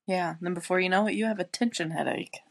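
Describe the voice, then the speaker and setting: A woman's voice: fairly low pitch, fast talker, vocal fry, dry recording. A woman co-hosting a casual podcast chat, blunt and swearing freely, laughing often. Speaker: podcast co-host; married mother.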